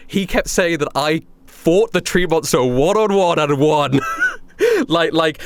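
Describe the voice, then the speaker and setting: A man's voice: fairly high pitch, no echo. A young man co-hosting a podcast, telling a story casually with frequent laughs and fillers. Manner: animated, laughs often, filler-heavy. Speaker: podcast co-host.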